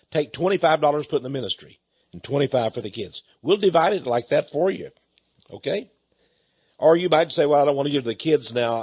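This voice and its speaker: Husky-voiced man in folksy radio talk. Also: medium pitch, dull audio. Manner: folksy, chatty, repeats words. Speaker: radio show host. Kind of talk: radio talk and donation appeal.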